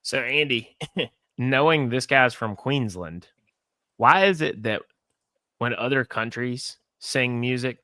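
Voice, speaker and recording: Bright-voiced Southern man, chatty podcast host. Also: mid-range voice, clear, resonant tone, dry recording, studio quality. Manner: chatty, explains at length with asides. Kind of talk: casual podcast chat.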